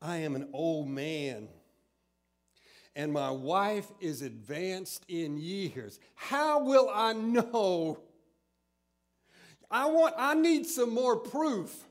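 A preacher puts on a weary old priest, a man past his prime who has stopped believing in miracles, pleading for proof. His questions come high and slow, each one stretched out with worn-out doubt.

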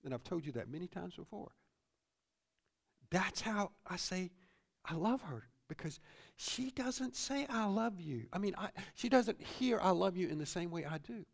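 A man's voice: sits high, sing-song, moderate pace, gravelly. A middle-aged man preaching a sermon as pastor in a church, repeating phrases and ending points with "see?".

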